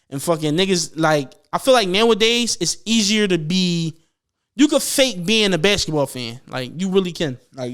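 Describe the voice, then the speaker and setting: Young male podcast host, high and clear, swears freely while spinning loose animated stories. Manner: animated, profane storytelling with slang. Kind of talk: casual podcast chat.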